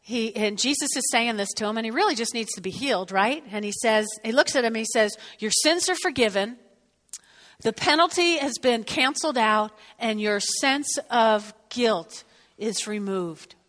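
A bright, fairly high-voiced woman preaching a sermon in a hall with a long, ringing reverb. She talks with animated energy, breaking into whoops and then sinking to a hush. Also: moderate pace.

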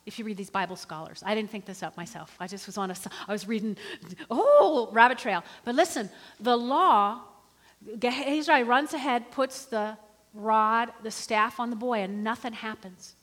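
A middle-aged woman preaching a sermon in an animated, conversational way, often calling for the congregation to respond. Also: on the high side, normal speed. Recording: reverberant hall.

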